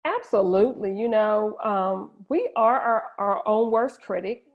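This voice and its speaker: Gravelly-voiced woman telling a personal story. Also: medium pitch, unhurried. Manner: emotional, personal storytelling with frequent restarts. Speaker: guest. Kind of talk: candid conversational interview. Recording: dull lo-fi audio.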